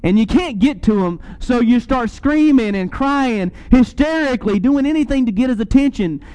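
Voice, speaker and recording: A man's voice: very high-pitched, animated, normal speed, mellow, clean tone, rough recording. A man preaching a sermon, earnest and rising to emphatic peaks.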